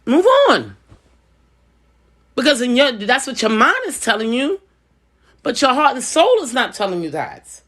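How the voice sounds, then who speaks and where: A woman's voice: on the high side, big pitch swings, moderate pace, fairly bright tone. A middle-aged woman and business owner giving casual advice straight to camera, blunt and emphatic, coming back to her points again and again.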